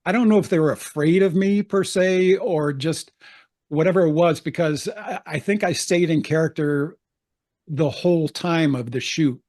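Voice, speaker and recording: A man's voice: fairly high pitch, normal speed, darkish tone. An older man, an actor, telling anecdotes in a chatty interview, laughing often and acting out the voices he quotes. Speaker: actor guest.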